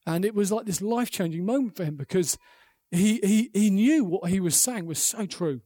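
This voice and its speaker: Male preacher, high-pitched, animated storyteller, dry close sound. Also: normal speed, dry recording. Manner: earnest, animated storytelling with acted quotes. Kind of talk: sermon.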